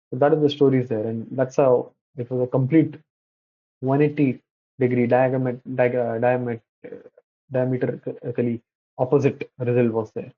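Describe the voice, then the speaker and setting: A man giving a slide-based religious lecture, pausing often and correcting himself mid-word. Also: medium pitch. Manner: halting, many restarts and self-corrections. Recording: dull lo-fi recording.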